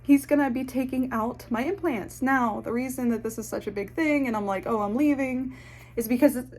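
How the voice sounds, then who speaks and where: A young woman telling a personal story to camera, candid and halting, swearing often and holding back tears. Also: a little high, darkish tone, a little hiss or hum. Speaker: ASMR channel host. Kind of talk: emotional personal confession to camera.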